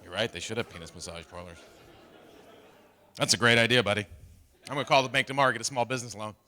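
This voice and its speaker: A man's voice: lowish voice, fast talker, bright, forceful tone. A middle-aged man doing a stand-up comedy set, acting out voices of his wife and son. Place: live comedy stage with audience. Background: audience laughter.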